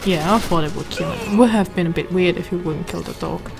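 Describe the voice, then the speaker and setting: A woman's voice: on the low side, brisk, vocal fry. A woman hosting a let's play, talking casually over her gameplay in chatty, rambling asides that she often restarts. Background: game music and sound.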